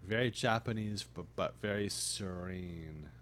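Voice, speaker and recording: A tired, groggy man chatting casually on his live stream, rambling with halting restarts. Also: sits low, a bit bright, slight background noise. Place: home streaming setup.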